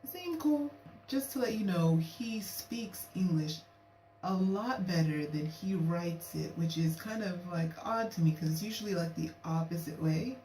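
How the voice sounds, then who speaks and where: A young woman vlogging casually, telling a story in a chatty, animated way and acting out what she and others said. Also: fairly low pitch, unhurried. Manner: chatty, animated, acts out quotes of herself and her date. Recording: echoey room, distant mic, faint hiss.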